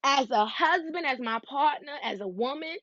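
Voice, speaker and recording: A woman in her twenties hosting a podcast, telling stories in a casual, animated way, with slang and frequent asides to her listeners. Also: high-pitched, normal speed, no room sound, highs cut off. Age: 20s. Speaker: podcast host. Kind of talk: casual solo podcast chat.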